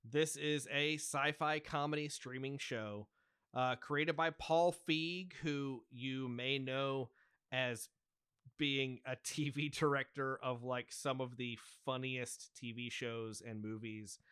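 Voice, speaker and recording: American man, podcast co-host, bright tone, dry close sound. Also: medium pitch, fairly even intonation, takes it slowly, smooth, no room sound. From United States. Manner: enthusiastic, wraps up and introduces the next topic. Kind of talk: casual chat.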